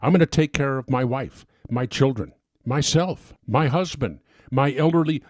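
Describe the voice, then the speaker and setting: A man's voice: medium pitch, normal speed, no echo, clean studio sound. A man giving a persuasive talk as an advocate, emphatic and getting worked up as he speaks.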